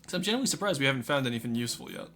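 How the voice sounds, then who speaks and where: Very fast and very animated, this man's creaky, slightly bright mid-range voice carries his live game commentary, with soft music behind it. He chats and jokes with his chat while playing.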